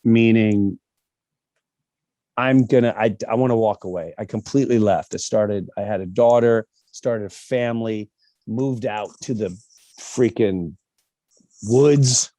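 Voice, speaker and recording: A middle-aged man telling stories in a casual interview over a video call, animated and acting out the people he quotes. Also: fairly low pitch, a little slow, dry recording, clean studio sound. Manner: animated storytelling, acts out quoted voices. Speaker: comedian interview guest.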